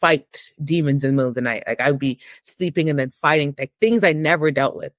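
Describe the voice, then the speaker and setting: A woman in her thirties giving a candid personal testimony as an interview guest, with emotional, preacher-like rises in pitch. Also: fast talker, no room sound, clean studio sound.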